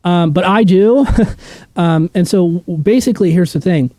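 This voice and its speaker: Man, Bible study teacher, blunt, opinionated, high voice, dry recording. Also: unhurried, warm tone, no room sound. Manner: blunt, opinionated, asks and answers his own questions. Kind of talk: casual unscripted teaching.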